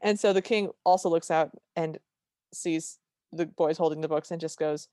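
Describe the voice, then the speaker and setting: Here a female podcast co-host gushes about a film in a casual recap, full of filler words and self-restarts. She speaks low and warm, at a moderate pace, with fairly even intonation, captured in clean, echo-free studio sound.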